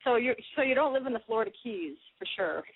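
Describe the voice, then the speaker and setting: A woman's voice: on the high side, lively intonation, fast, slightly rough, no echo. A woman from Michigan with a Midwestern accent, calling in to a radio show, chatty and giggly, rambling. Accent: Midwestern American. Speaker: caller. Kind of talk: call-in radio chat. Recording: dry tinny phone line.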